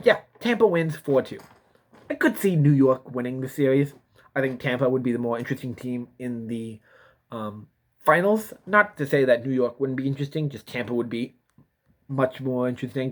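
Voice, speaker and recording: A young man with a slightly higher voice talks in a loose, rambling vlog style. He circles back to the same points and lets a yawn slip in now and then. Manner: rambling, repeats himself, yawning. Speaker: YouTuber giving sports predictions. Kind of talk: casual vlog commentary.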